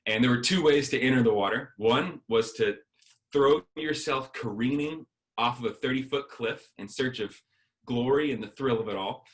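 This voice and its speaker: A man's voice: medium pitch, moderate pace. A man giving a sermon as a guest speaker, telling a personal story and acting out the dialogue.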